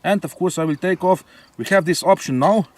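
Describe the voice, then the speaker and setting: A man's voice: sits high, brisk, darkish tone, no echo. A man reviewing a model plane in casual chat, often tagging sentences with a questioning "eh?". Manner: chatty, ends phrases with a questioning "eh?".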